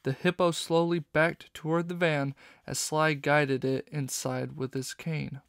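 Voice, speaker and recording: A man narrating a children's novel audiobook in steady storytelling. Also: on the high side, unhurried, gravelly, clean tone, no echo, clean studio sound.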